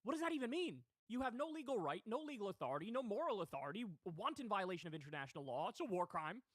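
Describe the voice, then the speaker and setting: A man's voice: sits high, sing-song, fast, a bit bright, no room sound, studio quality. A man hosting a political commentary livestream, talking in a heated, indignant way with swearing. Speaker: livestream host.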